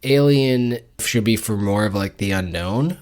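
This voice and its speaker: A man co-hosting a podcast, discussing a book casually with a joking, deadpan tone of mock business talk. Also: fairly low pitch, unhurried. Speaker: podcast co-host.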